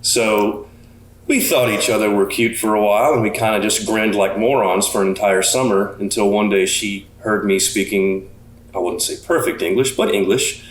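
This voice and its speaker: Man from louisiana, lowish voice, roomy echo, faint music, easygoing dry humor. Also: fairly even intonation, moderate pace, a little hiss or hum. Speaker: boat engineer, guest. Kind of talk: casual interview chat.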